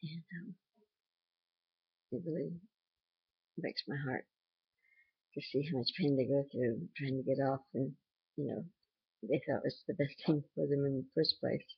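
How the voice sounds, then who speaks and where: Older grandma chatting on her vlog, raspy fry in the voice, dry close sound. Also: a bass voice, unhurried, long pauses, dry recording, lo-fi sound. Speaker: vlogger and grandmother. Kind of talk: casual vlog talk.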